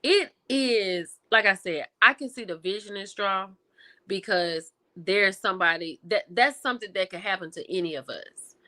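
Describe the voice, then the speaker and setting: A woman hosting a livestream, chatting casually with her viewers and reacting with lively exclamations. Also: medium pitch, moderate pace. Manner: animated and expressive, with exclamations; talks to viewers directly, reading and answering chat. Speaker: livestream host reviewing TV and film.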